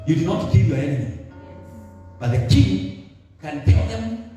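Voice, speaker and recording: A Kenyan man preaches with a high, swooping voice, slipping between English and Swahili phrases. His voice rings through a church hall and sounds a little distant from the mic. Soft music plays faintly underneath. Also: sing-song, measured pace, muffled recording. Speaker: pastor. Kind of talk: sermon.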